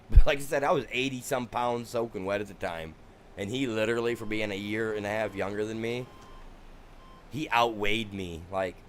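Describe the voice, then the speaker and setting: A man's voice: fairly low pitch, slight background noise. A man, streaming a farming game and telling rambling stories from his youth, full of restarts and "you know". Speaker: gaming streamer. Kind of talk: casual storytelling while streaming.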